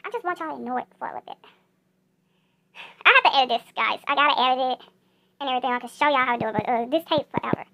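A woman's voice: high-pitched, racing, vocal fry, pauses often, sharp tone. A female YouTuber chatting casually over mobile gameplay, repeating herself and talking straight to her viewers.

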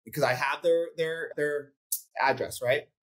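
A man's voice: on the high side, measured pace, fairly bright tone. A man coaching real estate agents in casual podcast talk, blunt and profane, acting out phone calls as he goes.

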